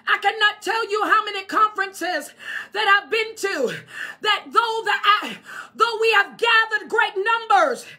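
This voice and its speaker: A woman's voice: very high-pitched, pushed and bright. A woman preaching an impassioned sermon, fervent and crying out in bursts.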